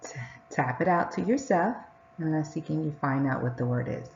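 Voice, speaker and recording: A woman teacher giving a patient reading lesson to young children, sounding out words and reading sentences slowly and clearly. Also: deep voice, animated, a little mellow, dull audio, a little hiss or hum.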